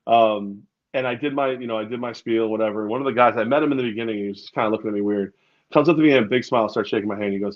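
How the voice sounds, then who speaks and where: A man's voice: on the low side, steady tone, racing. Man with a dull lo-fi sound. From New York State, outside the city. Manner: rambling, hesitant, laughs often. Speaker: co-host. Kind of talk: casual sports chat.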